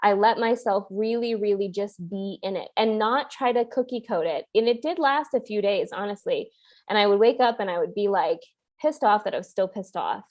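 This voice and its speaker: A woman's voice: mid-range voice, normal speed, a little mellow. A woman hosting a podcast, talking in an earnest, coaching way with many restarts. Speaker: podcast host. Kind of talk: casual podcast conversation.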